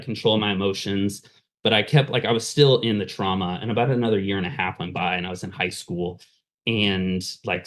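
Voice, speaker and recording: Pastor guest, male, low voice, candid conversational storytelling. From Southern California. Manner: candid, conversational, many fillers. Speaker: pastor and fundraising consultant, guest. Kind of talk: casual interview storytelling.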